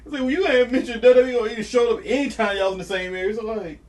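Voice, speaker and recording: High-voiced joking man, off-mic. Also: fairly even intonation, very fast, far from the mic. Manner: laughs often, slangy and joking. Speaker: podcast co-host. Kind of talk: casual chat.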